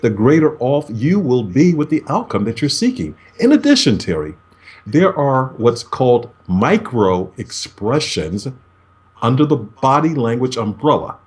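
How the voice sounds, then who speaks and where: A man being interviewed as a negotiation expert over a video call, explaining in a measured way and acting out sample phone greetings. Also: mid-range voice, very animated.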